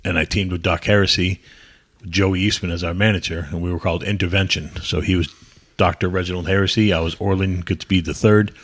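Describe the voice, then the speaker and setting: Low-voiced guy from new england, ex wrestler on a podcast, rambling and swearing through old stories. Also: steady tone, fairly quick. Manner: rambling anecdotes, blunt and profane, acts out quoted lines. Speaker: podcast guest, former pro wrestler. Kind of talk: casual storytelling interview.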